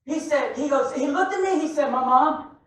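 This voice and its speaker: A man preaching a sermon to a congregation, animated and often shouting, with joking asides. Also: extremely high pitch, fairly quick. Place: church sanctuary. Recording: echoey church from far off.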